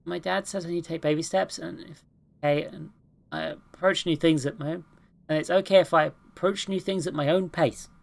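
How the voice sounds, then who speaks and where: A woman's voice: low voice, fairly even intonation, normal speed, gravelly, darkish tone, voice pushed up. A fearful young girl speaks hesitantly in a game, read aloud by a woman. The voice is plain and slightly raised. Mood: timid.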